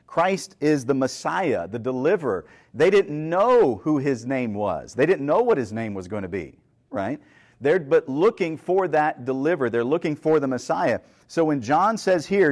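A man preaches a sermon in a fairly high, animated voice with a darkish tone, moving at normal speed. He reads scripture and explains it conversationally, often posing rhetorical questions to listeners and checking in with a frequent "right?".

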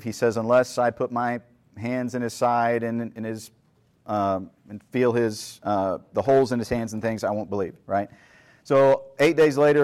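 A man's voice: mid-range voice, clean tone. A man preaching a sermon, reading scripture and explaining it conversationally, often asking the listeners questions and checking in with "right?". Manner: conversational, asks rhetorical questions, frequent "right?".

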